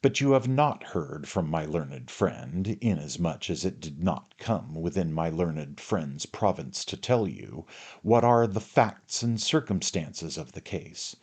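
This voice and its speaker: A man's voice: low-pitched, animated, measured pace, a little mellow, breathy edge, exaggerated voice. A man voicing a pompous, theatrical older barrister who addresses a jury in grand, oratorical speech. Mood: pompous oratory.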